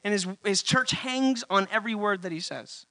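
High, bright-voiced preacher man. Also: normal speed. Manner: rising to loud emphatic peaks, repeating key lines. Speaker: pastor. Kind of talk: sermon.

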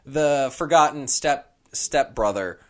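A man co-hosting a casual chat, telling an animated story and slipping into character voices. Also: medium pitch, slow pace. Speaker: podcast co-host.

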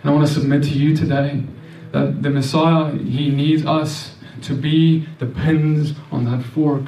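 A man's voice: fairly high pitch, little pitch movement, measured pace, mellow, recorded from a distance, slight background noise. Earnest preacher man in an echoey room. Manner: earnest, repetitive, with many restarts and stammered words. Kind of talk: sermon.

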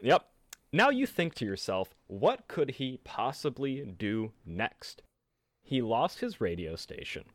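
A man hosting a casual podcast, reading out a history story in an animated way. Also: slow pace, dry recording. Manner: animated storytelling with lively pitch. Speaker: podcast host.

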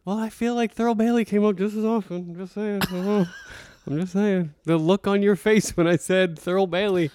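A man's voice: high voice, fairly even intonation, normal speed, hardly any pauses, darkish tone. A man co-hosting a podcast in casual banter, teasing his friend, swearing freely and laughing often. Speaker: podcast co-host.

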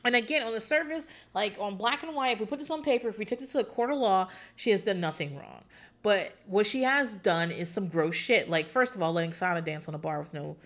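A chatty woman talks loosely and profanely, stacking asides and filler words as she goes. Her pitch sits right in the middle of a typical woman's range, and she breaks into laughter often. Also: brisk, a bit bright. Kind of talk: casual recap chat.

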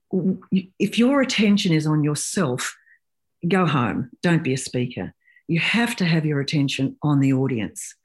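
A woman in her sixties, a professional speaker telling stories in a podcast interview and acting out quotes with lively shifts of voice. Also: low-pitched, husky.

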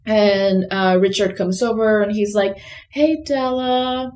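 A woman co-host talks through a film's plot in relaxed, rambling chat. She leans on fillers and restarts as she goes, keeping it loose and conversational. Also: medium pitch, a little slow. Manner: rambling, filler-heavy retelling. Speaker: podcast co-host. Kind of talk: casual chat recapping a film.

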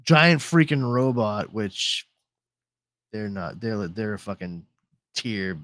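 A man's voice: on the low side, animated, takes it slowly, fairly bright tone, no room sound, clean studio sound. A man hosting a podcast in casual chat, rambling with lots of swearing and trailing off mid-sentence. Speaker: podcast host.

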